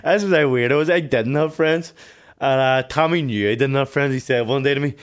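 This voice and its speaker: A man's voice: mid-range voice, fast. A young man with a Belfast accent, co-hosting a podcast, telling stories in casual banter, laughing and swearing freely. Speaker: podcast co-host.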